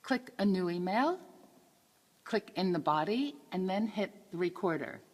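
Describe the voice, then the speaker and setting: A woman's voice: mid-range voice, animated, measured pace, a little hiss or hum. A woman giving a live conference talk, upbeat and often asking the audience questions. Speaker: conference speaker. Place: conference hall. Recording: reverberant hall.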